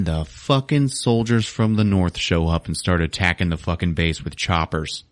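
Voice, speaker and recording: Recapping a film for his podcast, a man keeps reenacting the scenes, cracking crude jokes and laughing at them in a casual way. His voice sits low, close and dry, moving at a moderate pace with few pauses and no room sound.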